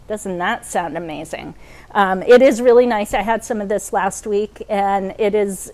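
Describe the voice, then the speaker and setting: In a low-quality recording, a woman wearing a microphone hosts a cooking demonstration, her voice on the high side. Her chatty delivery is full of ums, set against the clink of utensils and sizzle of pans.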